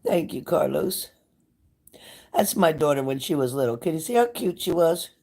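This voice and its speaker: A woman's voice: sits low, animated, moderate pace, a little mellow. Emotional older woman chatting on a live stream. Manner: emotional, scattered, talks straight to viewers. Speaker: psychic reader hosting a live stream. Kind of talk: casual live-stream chat.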